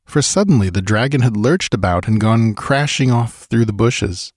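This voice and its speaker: A man giving audiobook narration in measured, steady storytelling. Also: mid-range voice, dry recording, studio quality.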